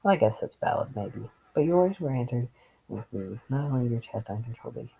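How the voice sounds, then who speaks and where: Male reader, gravelly husky voice, deadpan sarcastic commentary over story text. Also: mid-range voice, a little fast, low-quality recording. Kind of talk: reading fan fiction with commentary.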